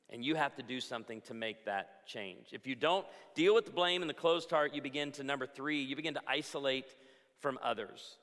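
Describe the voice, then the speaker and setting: A man's voice: medium pitch, fairly bright tone. Preaching man in a big reverberant hall. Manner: humorous storytelling preacher. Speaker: pastor. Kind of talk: conference talk.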